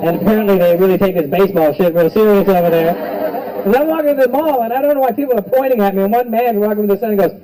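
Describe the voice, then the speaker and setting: On a club stage, a man runs a loose, profanity-heavy stand-up set, working the crowd and doing animated voices. His high voice races along, and the poor live recording picks up the crowd and audience laughter.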